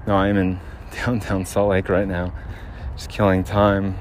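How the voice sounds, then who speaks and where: A man hosting a podcast, talking casually and rambling while out of breath on a brisk walk outdoors in a city. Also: sits low, completely flat delivery. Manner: rambling, with many restarts. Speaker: podcast host. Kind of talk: casual walking monologue. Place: outdoors on a city street, near a generator. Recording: faint outdoor street noise. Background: street and traffic noise.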